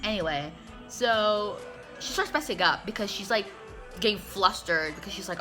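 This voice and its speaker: A woman's voice: medium pitch, moderate pace. A woman giving a casual, sarcastic recap full of "like" and asides, talking like a regular host. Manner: sarcastic, chatty, lots of "like". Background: music.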